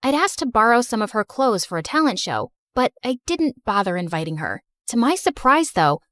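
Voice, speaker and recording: A woman narrating an animated drama in the first person, telling it with emotional, expressive storytelling. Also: on the high side, moderate pace, no room sound, studio quality.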